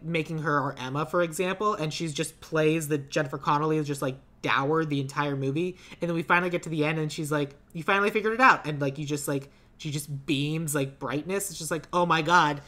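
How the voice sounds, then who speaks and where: Male podcast co-host, crisp bright tone, rambling and chatty. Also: fairly high pitch. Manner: rambling, filler-heavy, quick to laugh. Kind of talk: casual movie-podcast chat.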